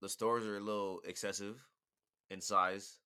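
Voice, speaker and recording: A man's voice: lowish voice, steady tone, normal speed, sharp tone, clean tone. A tipsy young man chatting casually with laid-back slang, teasing and apologetic by turns. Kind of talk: casual chat.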